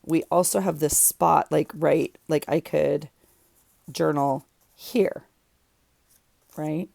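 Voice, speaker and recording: Deep, gravelly woman chatting while crafting. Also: fairly even intonation, takes it slowly, darkish tone, no room sound, clean studio sound. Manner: rambling, thinks aloud while working. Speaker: journaling vlogger. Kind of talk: casual chat while crafting. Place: home craft room.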